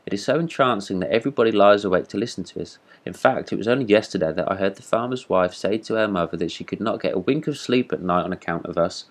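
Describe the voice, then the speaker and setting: A man's voice: on the low side, quick pace, hardly any pauses. A man reading a storybook voicing a talkative, self-satisfied male frog who boasts cheerfully. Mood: chatty.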